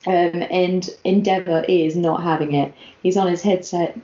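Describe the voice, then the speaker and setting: Co-host podcastu: kobieta z brytyjskim akcentem, ciepły głos, gadatliwa, w pogłosowym pokoju. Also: female voice, on the low side, normal speed. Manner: chatty, giggly, animated reading of quotes. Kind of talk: casual chat recapping a manga chapter. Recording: lo-fi, echoey room.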